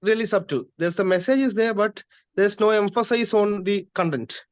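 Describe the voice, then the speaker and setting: A man's voice: high-pitched, normal speed, clean tone, no room sound. A man with an Indian English accent, a participant in an online workshop, politely giving his view over a video call. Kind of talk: answering in an online class.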